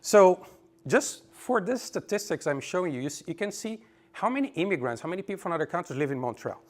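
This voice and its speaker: A man giving a conference talk, reading figures off slides with frequent fillers and pauses. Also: high voice, expressive. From Brazil. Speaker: conference presenter. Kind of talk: lecture with slides. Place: conference room.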